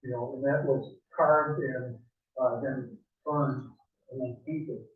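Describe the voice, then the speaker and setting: A man's voice: medium pitch, fairly even intonation, slow pace. Rambling older man demonstrating to a club. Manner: rambling, chuckling, many fillers. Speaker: woodworking club presenter. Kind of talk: informal demonstration talk. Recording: echoey room, far from mic, phone-like.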